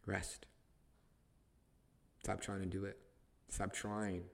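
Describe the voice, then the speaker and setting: A man's voice: sits low, little pitch movement, takes it slowly, gravelly. A man hosting a podcast, teaching the Bible in casual conversation, emphatic and repetitive, restarting phrases to stress them.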